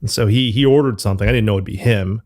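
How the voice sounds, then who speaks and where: A company founder talking loosely as an interview guest, full of fillers and the odd swear word. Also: male voice, on the low side, fast, darkish tone. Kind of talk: casual interview talk.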